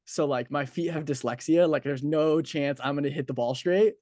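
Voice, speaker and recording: A young man in his twenties leads a casual interview with a somewhat high voice. He talks in a chatty, easygoing way, laughs easily and leans on filler words. The sound is dry and close. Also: normal speed, darkish tone, no room sound.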